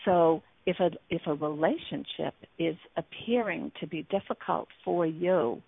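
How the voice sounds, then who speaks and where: A woman's voice: lowish voice, unhurried, creaky, husky. A woman hosting an internet radio talk show as a relationship coach, speaking earnestly with many fillers and restarts. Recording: tinny dry phone line.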